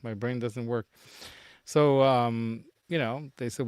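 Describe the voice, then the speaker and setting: A man's voice: mid-range voice, steady tone, slow pace, a little mellow, clear, resonant tone, no room sound. A middle-aged man hosting a casual livestream from his home studio, rambling with a lot of fillers and chuckles. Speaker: show host.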